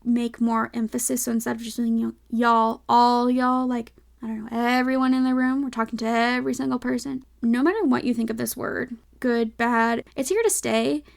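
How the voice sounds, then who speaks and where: Chatty young woman with gravelly fry. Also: on the high side, steady tone, brisk, few pauses. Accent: light Southern American. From American South. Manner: chatty, many "like" fillers, self-questioning asides. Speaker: podcast host. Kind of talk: casual solo podcast talk.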